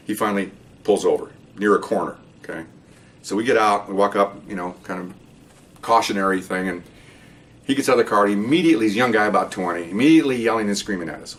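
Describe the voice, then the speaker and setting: Fast-talking older ex-cop storyteller. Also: male voice, fairly low pitch. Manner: animated, acts out voices in the story. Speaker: retired police officer telling stories. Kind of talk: casual storytelling.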